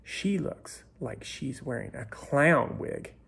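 A man voicing a jealous, stuck-up pony in a storybook, with a raspy, gravelly voice. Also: mid-range voice, lively intonation, slow, a bit bright, exaggerated voice. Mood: catty. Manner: jealous, sneering.

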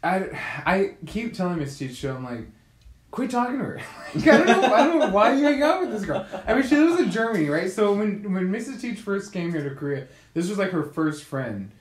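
A man's voice: high voice, very animated, fairly quick, reverberant. A man co-hosting a podcast, telling stories in casual chat with frequent swearing and laughs. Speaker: podcast co-host. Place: Korea.

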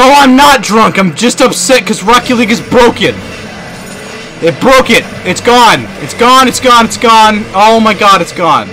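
A man streaming a car game, joking and yelling at the game as he plays. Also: high-pitched. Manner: joking, animated, quick to laugh and yell at the game. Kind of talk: casual gaming stream commentary.

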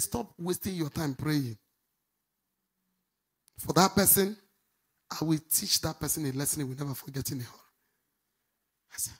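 Woman, middle-aged, pastor, husky, sermon, loud bursts and low asides. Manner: animated preaching, swinging between shouts and low asides.

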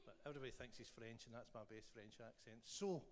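A man's voice: medium pitch, quick pace. A man with a Scottish accent leading a church service, praying and then running a playful quiz for the congregation. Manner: playful, jokey, animated with the room. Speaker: church leader. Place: church hall. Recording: long church-hall reverb, faint noise.

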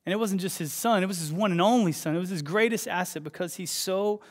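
A young man preaching a sermon as pastor, telling stories with energy and loud bursts of emphasis. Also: high-pitched, fast.

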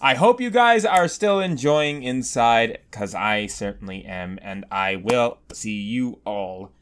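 A man doing excitable, profane game commentary, yelling and joking at the enemies on screen. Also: mid-range voice, slow pace, background noise. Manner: profane, jokey. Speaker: let's play gamer.

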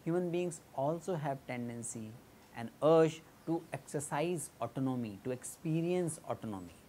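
A woman with a low voice and an Indian English accent delivers an academic lecture. She explains ideas step by step in a measured way. She often pauses on fillers and restarts her sentences. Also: lively intonation, dark tone, a little hiss or hum.

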